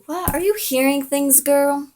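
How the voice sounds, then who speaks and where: A woman quoting her evasive, smooth-talking teenage boyfriend in a casual, dismissive way. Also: fairly high pitch, expressive, slow pace, a little mellow.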